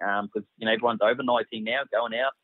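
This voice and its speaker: A man's voice: fairly low pitch, fairly even intonation, quick pace, slight background noise. A man, an operations manager, chatting casually and agreeably about his company's boats. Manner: agreeable, promotional. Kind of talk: casual interview over phone. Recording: tinny phone line.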